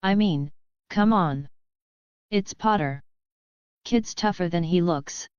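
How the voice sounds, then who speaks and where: A woman's voice: fairly low pitch, slow pace, a little mellow, clean tone, no room sound. A woman voicing a casual, unfazed man in a storybook reading, with a dry, slightly dull recording. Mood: breezy.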